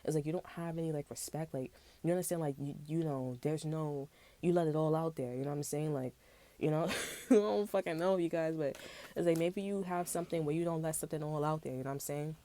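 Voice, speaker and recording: A woman with a low, mellow voice gives a casual tarot reading. She rambles along in loose slang, swearing freely as she talks straight to her viewers. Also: fast talker. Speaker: tarot reader.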